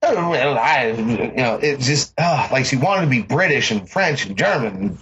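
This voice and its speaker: A man's voice: mid-range voice, expressive, moderate pace, fairly bright tone, breathy edge. A man casually mocking a movie on a podcast, rambling and swearing often. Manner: sarcastic, rambling, swears often, laughs a lot. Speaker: podcast co-host. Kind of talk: casual profane movie-review chat. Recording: slightly dull lo-fi sound with faint noise.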